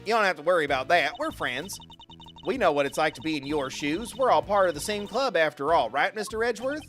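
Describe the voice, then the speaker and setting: A man's voice: on the high side, brisk, faint music behind. A man voicing an eager, playful young female thief in a video game. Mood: upbeat. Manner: excitable and bouncy.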